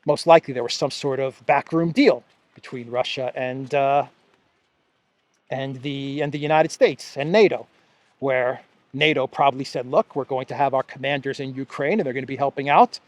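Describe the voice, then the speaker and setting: A man with a New York accent hosting an animated political commentary vlog outdoors by the sea, often scoffing and laughing. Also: medium pitch, normal speed, no room sound.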